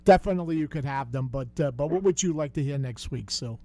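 A man's voice: mid-range voice, quick pace, mellow, no room sound. An older man hosting a call-in radio show, chatty and full of corny jokes. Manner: joking, chatty, folksy.

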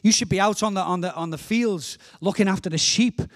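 A man's voice: high-pitched, fairly quick, lightly acted. A man with a Liverpool accent voicing scornful older brothers, tough soldiers belittling a younger sibling. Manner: contemptuous, belittling.

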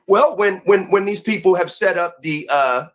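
A man's voice: high voice, normal speed, a bit bright, highs cut off. A man ranting heatedly and profanely as a guest on a talk show.

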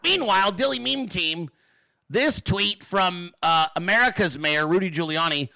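Male commentary host, high-pitched and profane, mocking with frequent laughs. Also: expressive, moderate pace, gravelly, pushed and bright, no room sound. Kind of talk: political commentary show.

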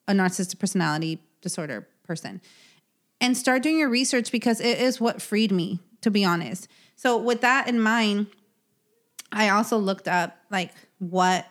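A woman co-hosting a casual podcast talks in an earnest, animated way. She restarts her sentences often as she works through an explanation, with a voice of middle pitch. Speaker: podcast co-host. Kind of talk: casual chat.

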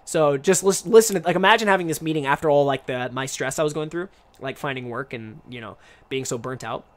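This young man, a streamer and English teacher, chats to camera at a fairly quick pace in a fairly high-pitched voice. His talk wanders, full of fillers, as he keeps breaking off and starting his sentences over.

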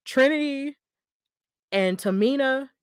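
A woman hosting a podcast, casually recapping a wrestling match in a chatty, excitable way and laughing often. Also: high voice, slow, smooth, no room sound, clean studio sound. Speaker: podcast host.

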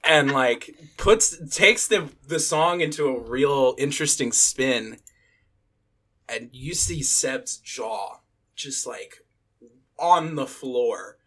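A man's voice: medium pitch, expressive, slow pace, fairly bright tone. A man as game master, narrating a tabletop game in a casual, filler-heavy way.

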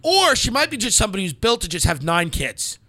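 A man's voice: sits high, sing-song, a little fast, sharp tone, dry recording. A man co-hosting a podcast in casual banter, blunt, brash and profane, giving unfiltered advice. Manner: puts on mocking voices. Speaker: podcast co-host.

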